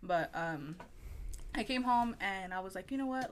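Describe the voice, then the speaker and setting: A young woman telling a personal story in casual chat, animated, swearing a lot and acting out the voices she quotes. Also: mid-range voice, normal speed, background noise. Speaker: guest storyteller.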